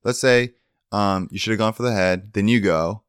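A man's voice: lowish voice, moderate pace, clear, resonant tone, dry recording. A man co-hosting a comedy podcast, shooting down ideas in a dry, firm, wry way. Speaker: podcast co-host.

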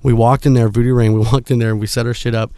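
A man who plays in bands, telling animated stories and laughing often in a casual chat. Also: medium pitch, fast talker, clean tone, dry recording. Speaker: musician guest.

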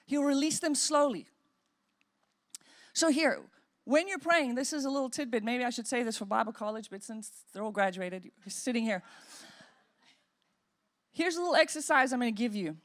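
A woman pastor preaches an animated sermon, acting out inner voices and demonstrating praying in tongues. Her voice is a little high, she speaks at normal speed, and she pauses often.

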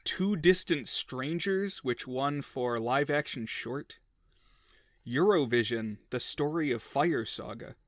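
A man co-hosting a casual film podcast, chatty and joking, with quick asides. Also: medium pitch, no room sound, clean studio sound. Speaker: podcast co-host.

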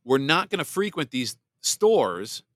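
A man hosting a political commentary podcast, blunt and sarcastic, reading viewer comments aloud and sometimes mocking others in a shrill put-on voice. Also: very animated, measured pace, fairly bright tone, no echo, clean studio sound. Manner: blunt and sarcastic, mocks voices in exaggerated falsetto. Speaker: podcast host.

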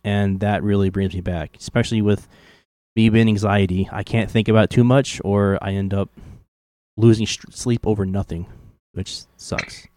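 A man's voice: lowish voice, steady tone, moderate pace, mellow. Rambling man, faint southern twang. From Kentucky, US. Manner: rambling, many "like" and "you know" fillers. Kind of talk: casual conversation.

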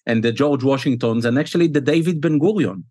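A man's voice: mid-range voice, fairly quick, mellow, slightly rough, dry recording, clean studio sound. A man with an Israeli accent hosting a podcast, chatting with a guest and then reading an earnest sign-off. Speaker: podcast host. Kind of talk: podcast interview and outro.

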